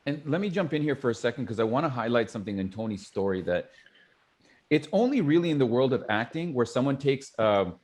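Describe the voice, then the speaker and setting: A man hosts a casual podcast interview in a chatty, lively way. He jumps in often with quick comments and teasing asides. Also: medium pitch. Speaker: podcast host.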